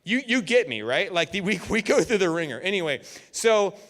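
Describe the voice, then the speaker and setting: A man in his thirties preaching to a youth group, telling lively stories and acting out quotes. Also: high-pitched, brisk. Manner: animated storytelling with jokes and voiced quotes. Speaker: youth pastor. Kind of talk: sermon. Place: church youth room. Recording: echoey hall with long reverb.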